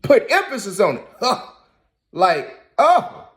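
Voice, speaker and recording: A man's voice: high voice, very animated, a little slow, a bit bright. Emphatic man scolding in commentary. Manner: scolding, emphatic, repeats phrases. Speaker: commentary host. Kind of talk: reaction commentary.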